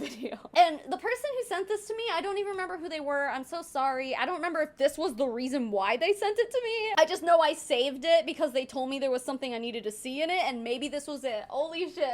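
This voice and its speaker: A woman's voice: high voice, very animated, fast, a bit bright. A young woman doing reaction commentary from her bedroom, heated and emphatic, swearing freely. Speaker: commentary YouTuber and mother.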